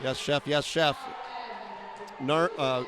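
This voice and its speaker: A man calling live roller derby action with a slightly high voice and a quick, wry delivery. He fills gaps with "uh" and jokes at his own expense. Faint venue noise sits behind him. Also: fairly even intonation, crowd noise. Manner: quick, wry, self-deprecating play-by-play with frequent "uh" fillers. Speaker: play-by-play announcer. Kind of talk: live sports commentary.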